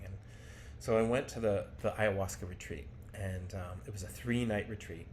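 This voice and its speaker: A man's voice: on the low side, flat delivery, fairly quick, darkish tone, a little hiss or hum. A man telling his own life story to camera in a candid, rambling, self-deprecating way.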